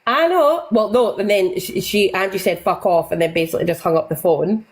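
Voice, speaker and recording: This livestream guest has a mid-range, sing-song voice, and the audio quality is poor. Rambling and casual, she runs through online drama, cursing often and performing what others said in rapid little bursts.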